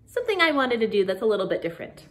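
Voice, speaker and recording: A young woman leading children's singing time, speaking gently and encouragingly between songs. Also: on the high side, big pitch swings, very fast. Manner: gentle, encouraging, sings along. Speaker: children's music leader.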